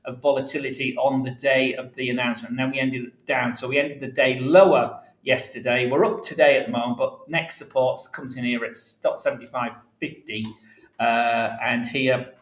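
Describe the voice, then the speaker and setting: A man talks viewers through currency charts live, pausing with frequent "uh"s and restarting sentences. His voice sits at an ordinary middle pitch, and the room around him rings noticeably. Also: fairly even intonation. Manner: halting, many fillers, talks to viewers while searching charts. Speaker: market analyst. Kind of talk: live market commentary over charts. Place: office workstation. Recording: roomy, sometimes away from the mic.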